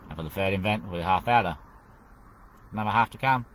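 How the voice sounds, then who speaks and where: Deep-voiced and a bit bright, this man talks quickly while hosting his own show in a rambling one-man monologue. He keeps saying "mate" to the listener and circles back to the same phrases, and the recording is rough.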